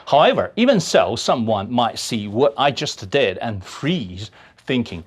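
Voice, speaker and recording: A man whose first language is Chinese, teaching a music lesson and speaking slowly and deliberately, with sung and hummed examples. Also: medium pitch, big pitch swings, breathy edge. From China. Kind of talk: talking-head music lesson.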